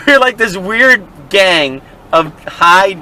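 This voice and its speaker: A man with a fairly high, bright voice rambles through a funny story in casual chat, breaking into laughter again and again. His pitch swings up and down with lots of life. He talks from inside a car stuck in traffic. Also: expressive, slow pace, poor audio. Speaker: vlog co-host. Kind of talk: casual chat while driving.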